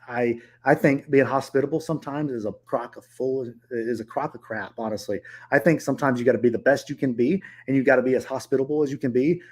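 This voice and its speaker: A middle-aged man tells viewers a story about a difficult guest at one of his rentals. He speaks bluntly and swears often, and his voice sits at an everyday pitch. His delivery stays casual and heated. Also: quick pace, few pauses, darkish tone. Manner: blunt and profane, heated retelling. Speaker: short-term rental owner.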